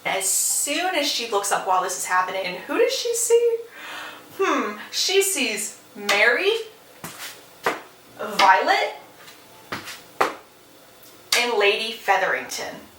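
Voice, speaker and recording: A woman's voice: fairly high pitch, sing-song, slow pace, long pauses, pushed and bright, recorded from a distance, slight background noise. Chatty woman recapping a book plot. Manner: chatty and opinionated. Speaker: book vlogger. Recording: echoey room, off-mic.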